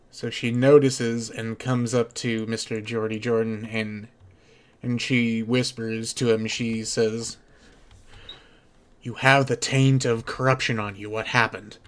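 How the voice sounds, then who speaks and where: A man's voice: mid-range voice, steady tone, takes it slowly. A man narrating as game master of a tabletop game, often restarting his phrases as he voices the characters.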